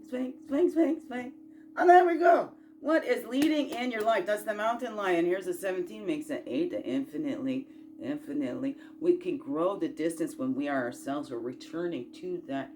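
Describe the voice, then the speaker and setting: A woman talks through self-growth in a loose, folksy, encouraging way, full of asides and rhetorical questions. She swings from loud bursts to quiet murmurs at a mid pitch, with faint music behind her. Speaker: spiritual self-growth host. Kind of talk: casual motivational chat.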